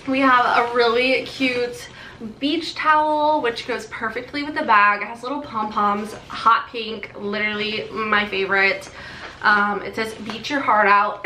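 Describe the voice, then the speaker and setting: A woman's voice: on the high side, steady tone, takes it slowly, bright, forceful tone. A young woman gushing and laughing as she unboxes gifts in a casual vlog. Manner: bubbly, gushing, laughs often. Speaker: beauty vlogger. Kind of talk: excited haul unboxing chat. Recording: echoey room, faint noise.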